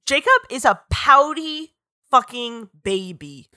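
Bright, sarcastic woman co-hosting a podcast. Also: high voice, lively intonation, no echo, studio quality. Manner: blunt, sarcastic, quick jokes. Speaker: podcast co-host. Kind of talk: casual chat about books and films.

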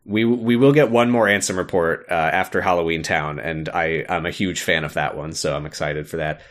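A man co-hosting a podcast, casually recapping a video game with lots of fillers and quick laughs. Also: deep voice, fairly even intonation, fairly bright tone. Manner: rambling, with many fillers, laughs and acted-out quotes. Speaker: podcast co-host.

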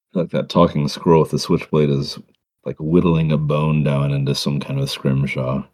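A man running a tabletop game as game master, relaxed and descriptive. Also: very deep voice, normal speed.

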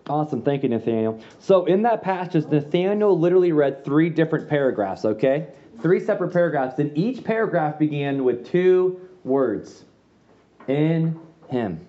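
A man preaching a sermon to a youth gathering in a church room, casual and slangy with quick asides. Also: on the high side, expressive, highs cut off. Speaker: youth pastor.

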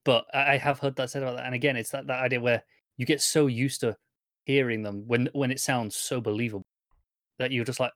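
Male co-host, middle pitch, easygoing and halting, dry close mic. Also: steady tone, fairly bright tone, no room sound. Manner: agreeable, hesitant, with restarts. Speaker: podcast co-host. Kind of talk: casual TV recap chat.

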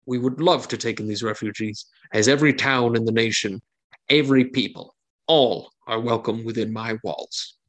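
A man's voice: medium pitch, normal speed, fairly bright tone, natural voice. A man plays a stout, stern baron in a tabletop game, his voice set in a middle register. The delivery is firm and unwavering, measuring the strangers before him.

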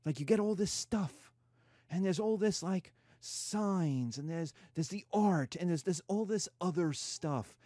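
A man's voice: high-pitched, unhurried, dark tone, no echo, clean studio sound. A man giving a casual, irreverent history lecture, acting out quotes in slangy voices.

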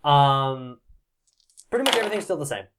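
A man's voice: fairly high pitch, big pitch swings, normal speed, very noisy. Laid-back man running a tabletop game. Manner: casual, laughing, swears freely. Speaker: game master.

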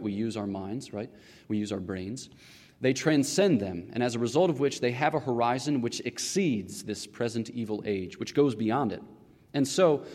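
A man's voice: medium pitch, darkish tone. Male lecturer, mid-range voice, rhetorical, questioning delivery, recorded in a reverberant lecture hall. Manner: rhetorical, often checks in with "okay?" and "right?". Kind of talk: classroom lecture.

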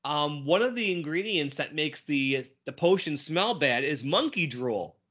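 A man's voice: fairly high pitch, lively intonation, a bit bright. Enthusiastic man co-hosting a podcast. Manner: enthusiastic, recaps plot with quick quoted bits. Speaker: podcast co-host. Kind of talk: casual chat. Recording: dull lo-fi sound.

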